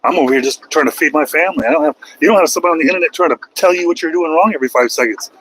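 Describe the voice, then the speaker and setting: Talking very fast in a fairly high, slightly bright voice, a truck driver vlogger livestreams from his cab on the road. He ridicules his critics with sarcasm and a mock whiny voice, and the rough recording carries a little hiss or hum.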